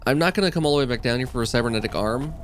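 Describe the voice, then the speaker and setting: A man's voice: mid-range voice, lively intonation, rapid-fire. Man musing over a game playthrough. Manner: rambling, musing aloud. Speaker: gameplay host. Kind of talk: casual let's-play commentary. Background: game music.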